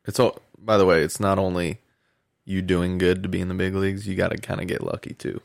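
A man, a former pro baseball player, telling an animated story in a podcast interview and acting out the quotes. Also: low voice, brisk, vocal fry, no room sound, studio quality. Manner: animated anecdote, acts out quotes, laughs often.

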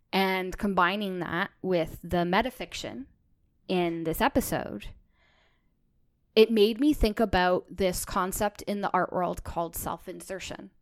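A woman co-hosting a podcast, chatting casually and thinking out loud with enthusiasm. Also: lowish voice. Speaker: podcast co-host.

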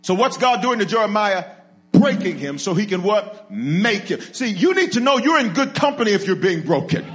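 A pastor delivers an energetic sermon, leading his congregation in call-and-response and joking with them. His delivery swings from low asides to shouted, drawn-out climaxes.

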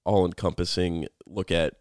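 A man in his thirties co-hosting a podcast, explaining a Bible book in a relaxed, rambling way. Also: sits low, moderate pace, dry recording, studio quality. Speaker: podcast co-host. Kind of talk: casual Bible study chat.

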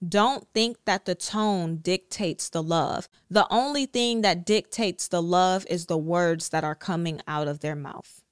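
A woman's voice: on the low side, measured pace, clear, resonant tone, no room sound, studio quality. A woman hosting a faith podcast, teaching earnestly and directly. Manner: earnest, direct, preaching cadence with repetition. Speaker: podcast host.

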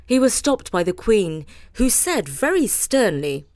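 A woman hosting a show, reading a children's story aloud in an expressive way. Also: mid-range voice, unhurried, hardly any pauses, no room sound, studio quality. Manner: expressive, animated. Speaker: host reading children's stories.

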